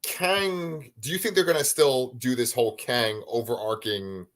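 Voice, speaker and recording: A man co-hosting a live review show from a home bedroom over a video call, talking in a casual, animated way and swearing now and then. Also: mid-range voice, a little slow. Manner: animated, swears casually, tries silly voices. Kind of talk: casual chat.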